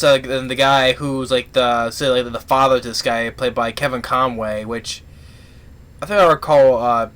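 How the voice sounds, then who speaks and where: Retelling a film's plot, this man stumbles and restarts often in a loose, meandering review. His voice is medium-pitched and a bit bright.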